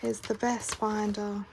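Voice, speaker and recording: A British woman chats her way through a casual home vlog, counting notes aloud and cheerfully correcting her sums. Her voice sits in a middle pitch. Clicks and background noise are clearly heard under the recording. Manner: chatty, counts money aloud, corrects herself. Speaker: budgeting vlogger. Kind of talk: casual chatty vlog narration.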